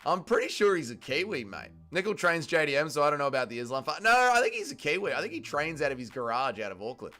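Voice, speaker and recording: An Australian man hosting a live fight watch-along stream, talking excitedly, swearing often and yelling at the fighters. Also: a little high, fast talker, hardly any pauses. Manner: excitable, profane, yells at fighters. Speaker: livestream host.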